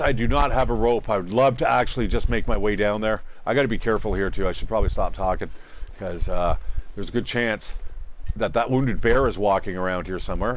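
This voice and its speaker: A man's voice: lowish voice, poor audio. A man giving casual gameplay commentary, chatty and talking straight to his viewers, cursing now and then. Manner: chatty, addresses viewers as guys, swears casually. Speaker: gamer.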